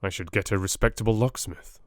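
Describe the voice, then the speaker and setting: A man's voice: lowish voice, fairly quick, darkish tone, dry recording, studio quality, natural voice. A man reading the lines of an anxious, impatient young Englishman in an audiobook, urgent and pressing.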